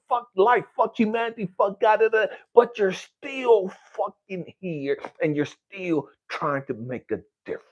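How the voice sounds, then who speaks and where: A man, a spiritual coach, giving an emotional, confessional motivational monologue that drops to low murmurs and rises to near-shouts, swearing often. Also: unhurried, few pauses.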